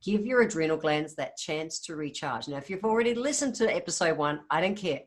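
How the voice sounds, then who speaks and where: A woman's voice: deep voice, expressive, a little fast. A woman with an Australian accent hosting a casual solo health podcast, upbeat and chatty, talking straight to her listeners. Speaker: podcast host.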